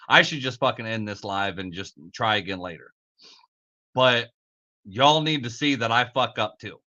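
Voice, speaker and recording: A man's voice: medium pitch, pushed and bright, dull audio. A man hosting a live podcast in casual, profane talk, laughing at his own slip-ups. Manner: swears a lot, laughs off his own mistakes. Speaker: podcast host.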